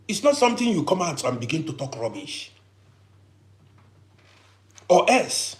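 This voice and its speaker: A man in his fifties lectures his viewers with emphatic rhetorical questions. His voice sits a little high for a man and swings widely up and down as he drives his points home. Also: darkish tone. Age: 50s. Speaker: vlogger giving advice. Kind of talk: advice monologue.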